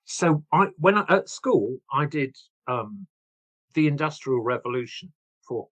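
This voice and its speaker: A man in his sixties, an author guest, telling his story in an animated, chatty way and laughing at himself. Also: fairly high pitch, a little slow. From England. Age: 60s. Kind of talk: casual interview chat.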